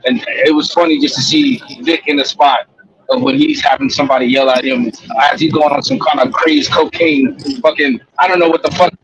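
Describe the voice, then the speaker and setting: A man's voice: a little high, steady tone, brisk, fairly bright tone, muffled recording. A man on a live-stream panel, telling a rambling, profane story in casual chat.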